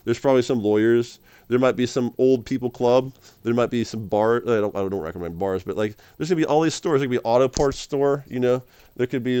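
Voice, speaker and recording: A man's voice: mid-range voice, warm tone, smooth, no echo. A man rambling casually to camera as a vlogger, laughing often and calling the listener dude and man.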